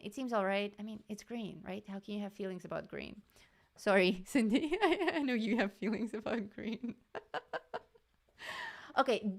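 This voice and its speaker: A chatty woman talks casually through a live stream while she colors. She laughs often and drifts easily between remarks and greetings to her viewers. Her pitch sits in an ordinary middle range.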